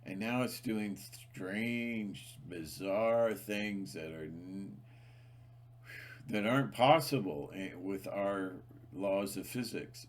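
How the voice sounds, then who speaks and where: A man with a fairly low voice talks to his channel's viewers in a loose, rambling monologue. He leans hard on repeated words, trails off, and restarts his sentences often. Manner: emphatic, repetitive, many restarts and fillers. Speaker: channel host.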